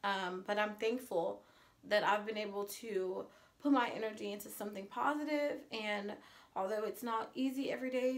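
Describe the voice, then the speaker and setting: A woman's voice: mid-range voice, normal speed. A woman talking to the camera in a casual personal vlog, earnest and confessional, at times emotional. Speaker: vlogger.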